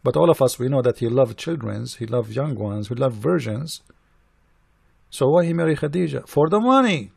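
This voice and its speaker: A man's voice: mid-range voice, expressive, normal speed, vocal fry, darkish tone, husky, dry recording, studio quality. A man delivering a heated polemical monologue, indignant and mocking, firing off rhetorical questions in non-native English. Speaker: religious critic.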